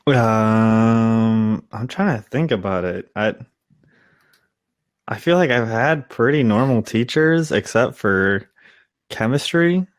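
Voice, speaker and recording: A man's voice: on the low side, animated, slow pace. A young man co-hosting a podcast in casual chat, joking and laughing often. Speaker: podcast co-host.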